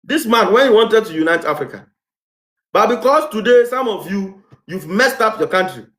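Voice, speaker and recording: A man with a Ghanaian English accent delivers an impassioned commentary, firing off repeated rhetorical questions. His voice sits a little high for a man. The room around him is noticeably echoey. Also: animated, moderate pace, fairly bright tone. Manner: heated, repetitive rhetorical questions. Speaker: vlogger.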